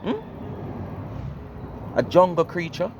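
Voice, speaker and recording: A man's voice: high-pitched, lively intonation, takes it slowly, dull audio, background noise. A Jamaican man explaining his point in casual commentary, lecturing and asking rhetorical questions.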